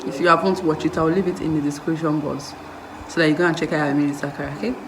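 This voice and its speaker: A woman's voice: deep voice, steady tone, racing, slight background noise. A young Nigerian woman with a Nigerian accent, chatting casually to viewers in a home vlog and asking them questions. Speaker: vlogger, mother. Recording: echoey room with background guitar music.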